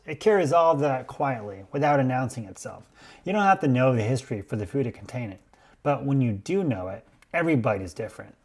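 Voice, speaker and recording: Male podcast host, measured storyteller, mid-pitched voice. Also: darkish tone, breathy edge. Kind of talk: scripted explainer podcast.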